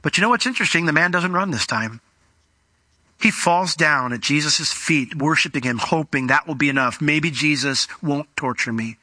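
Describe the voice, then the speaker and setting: A man preaching an animated teaching sermon, with a very bright and forceful tone in a slightly higher register. He explains the meaning of words and asks the listener rhetorical questions. The recording is dry and close, with no room echo. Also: normal speed. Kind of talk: expository sermon.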